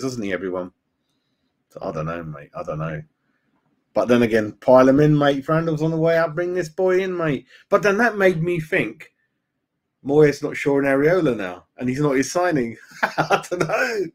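Matey man chatting on a stream. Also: medium pitch. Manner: chatty and matey, reads chat aloud, calls viewers mate. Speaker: fan channel host. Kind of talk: live-stream chat about football.

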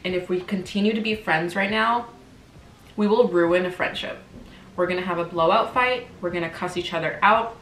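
Chatty low-pitched woman in an echoey room. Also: normal speed, a bit bright, a little hiss or hum. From Canada. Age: 20s. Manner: chatty and candid, eating while talking. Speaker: vlogger. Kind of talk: casual chat. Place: home room, dining at table. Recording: echoey room with faint kitchen clatter.

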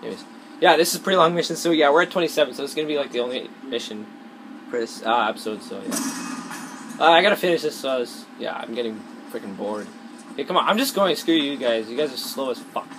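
This let's-play commentator has a medium-pitched, expressive voice and talks fast, rambling and swearing often with a self-conscious edge. The recording is noisy, with gunfire and game sounds loud behind him.

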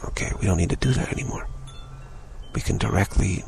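Gravelly deep-voiced male spiritual teacher. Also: fairly quick, a little mellow, a little hiss or hum. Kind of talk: spiritual talk.

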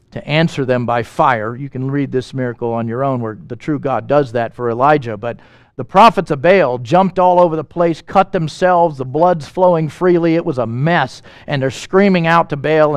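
A man preaching a sermon as pastor, animated and emphatic, asking the congregation questions and making quick asides. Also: a little high, no room sound.

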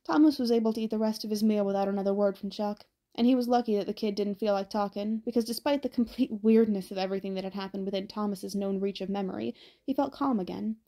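A woman narrating an audiobook in a steady, even storytelling manner. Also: mid-range voice, quick pace, few pauses.

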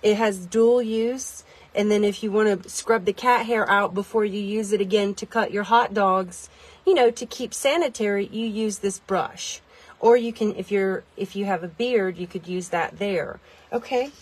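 Rambling, easily excited woman vlogger. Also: medium pitch, moderate pace. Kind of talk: chatty product demo vlog. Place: inside a tiny car.

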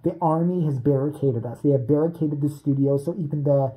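A man voicing a deadpan, weary woman producer who gives grim announcements in a flat, exasperated way. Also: a little high, a little fast, lightly acted, rough recording.

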